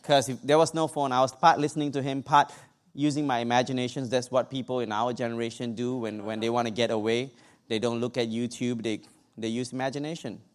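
A man's voice: medium pitch, fairly quick. A man preaching a sermon, telling a personal story with humor and asides to his congregation. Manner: humorous, animated testimony with asides to the audience.

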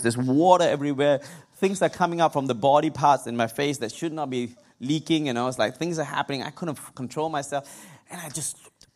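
A man preaching a sermon, telling a personal story with humor and asides to his congregation. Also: fairly high pitch. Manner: humorous, animated testimony with asides to the audience.

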